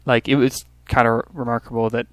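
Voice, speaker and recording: This let's play host from Canada has a brisk, level, fairly bright mid-range voice, recorded with no room sound. He offers casual gameplay commentary, musing aloud through his turns with restarts and little asides.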